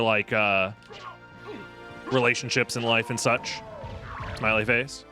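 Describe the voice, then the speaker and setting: Snarky young male streamer, bright voice. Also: mid-range voice. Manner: snarky, sarcastic, swearing freely. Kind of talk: casual live-stream gaming chat.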